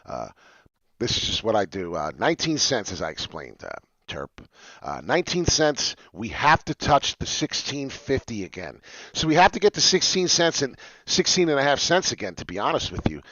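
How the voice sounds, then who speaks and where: A man streaming live to his followers, excitedly walking them through crypto price charts in casual talk. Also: medium pitch, normal speed, no echo. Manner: excitable, talks straight to followers. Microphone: webcam mic, seen on stream. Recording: dull lo-fi dry stream audio.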